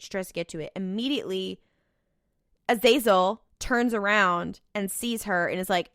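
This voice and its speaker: A woman's voice: mid-range voice, a little slow, a bit bright, clean tone, no room sound, clean studio sound. A young woman co-hosting a casual rewatch podcast, recapping scenes with playful voiced quotes. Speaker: podcast co-host.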